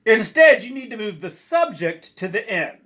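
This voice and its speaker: A man who writes children's books talks casually with young readers, his bright voice bouncing up and down. He sits high in pitch and reads aloud in a lively, chatty way, with plenty of fillers along the way. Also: moderate pace. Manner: animated, chatty, many uh fillers. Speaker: children's book author.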